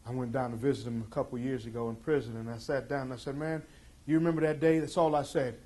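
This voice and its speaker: A man's voice: mid-range voice, steady tone, fast talker. Intense storytelling man. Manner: intense, emphatic, swings between loud and hushed. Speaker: speaker. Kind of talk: dramatic storytelling talk.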